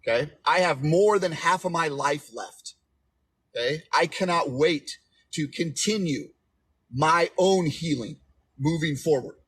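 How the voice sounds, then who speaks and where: A man in his forties speaks with a slightly high, husky voice as he gives relationship coaching on a livestream. He is emphatic and repetitive, and he keeps checking in with his viewers. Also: measured pace, fairly bright tone. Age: 40s. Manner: emphatic, repetitive, preachy, asks "okay?" often. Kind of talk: livestream advice talk.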